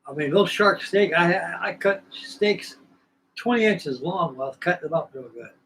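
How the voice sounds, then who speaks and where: A man with a slightly raised pitch chats casually and rambles in a folksy way while hosting a model-building livestream from his workbench. A faint hiss sits under his voice. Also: normal speed, fairly bright tone, rough recording. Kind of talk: casual chat. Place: home workshop at his workbench.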